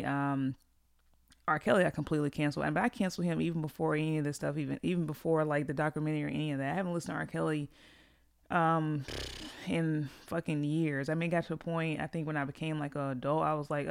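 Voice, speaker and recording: A woman podcast host rants bluntly through a casual monologue, swearing freely and getting heated. Her voice is smooth and resonant. It is recorded dry and close, with no room sound. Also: deep voice, no echo.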